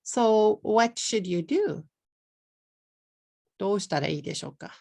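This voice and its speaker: A middle-aged woman from Texas with a Texan accent, teaching an online English lesson in a slow, deliberate way and slipping into Japanese at times. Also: medium pitch, lively intonation, gravelly, dark tone. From Texas, USA.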